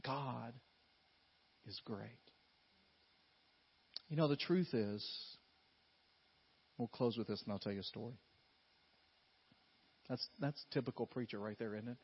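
A man preaching a sermon to his congregation, his delivery swinging from loud emphatic bursts to quiet, intimate storytelling. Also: mid-range voice, unhurried, long pauses, husky, highs cut off. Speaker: pastor.

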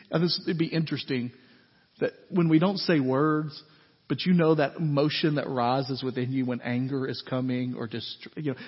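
A man preaching a sermon as pastor in a conversational, animated way, with frequent asides to his congregation. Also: medium pitch, slightly rough. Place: church sanctuary. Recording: echoey hall, dull lo-fi sound.

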